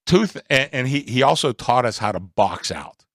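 A man's voice: medium pitch, expressive, moderate pace, dry recording, clean studio sound. A man in his seventies, a guest on a radio show, telling stories earnestly in casual chat. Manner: earnest storyteller.

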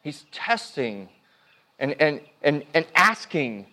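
Delivering a sermon, this male pastor preaches earnestly, his volume swinging from hushed to emphatic as he often stops and restarts partway through phrases. He sounds a little high and sing-song, keeping a measured pace.

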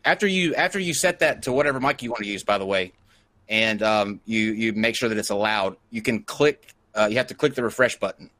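A man's voice: lowish voice, brisk, fairly bright tone, no room sound. A man hosting a live online show, giving step-by-step instructions and joking along the way. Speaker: host.

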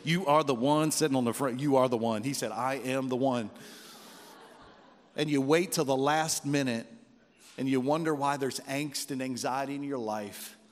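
A man's voice: mid-range voice, steady tone, moderate pace. A man preaching a sermon as pastor, telling folksy stories and calling out to the congregation. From West Virginia roots, United States. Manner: folksy storytelling with call-outs to the congregation. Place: church hall. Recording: long reverb of a large hall.

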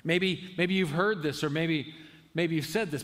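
A male pastor preaches in a relaxed, conversational way, earnest and often restarting mid-sentence. His voice sits a little higher than most men's. The sound rings with the long reverb of a large church hall. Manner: earnest, halting, with frequent restarts. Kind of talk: conversational sermon.

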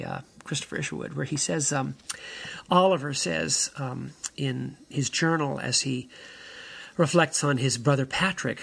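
An older man, a minister hosting his own podcast, giving a slow, meandering spiritual monologue full of fillers and restarts. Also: mid-range voice, creaky, a bit bright, breathy edge.

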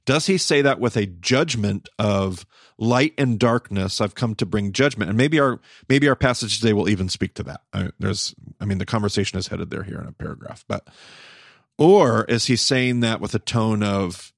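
Man, rough gravelly tone, dry close sound, casual study talk, thinking out loud. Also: fairly low pitch, normal speed, no echo. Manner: thinking aloud, searching, with restarts. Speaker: podcast host. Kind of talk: casual Bible study discussion.

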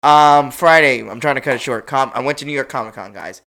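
A young man hosting a casual chat, telling an animated, slangy story and acting out quotes. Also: mid-range voice, fairly quick. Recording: loud background noise.

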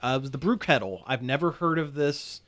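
A man's voice: mid-range voice, animated, a little fast, fairly bright tone. A man co-hosting a podcast, chatting casually and rambling through a story with lots of fillers. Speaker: podcast co-host. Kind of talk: casual chat.

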